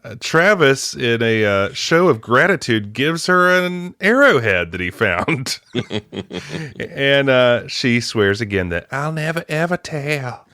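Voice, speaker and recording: Bright-voiced man recapping a film. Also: medium pitch, lively intonation, slow pace, clear, resonant tone, no echo, studio quality. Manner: chatty, laughing asides, many fillers. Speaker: film club podcast host. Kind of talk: casual plot recap.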